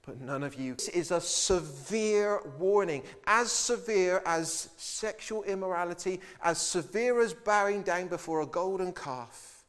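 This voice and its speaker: A man's voice: high voice, measured pace, hardly any pauses, a bit bright, clear, resonant tone. A man preaching a sermon with emphatic delivery, acting out the voices of biblical figures in the quotes.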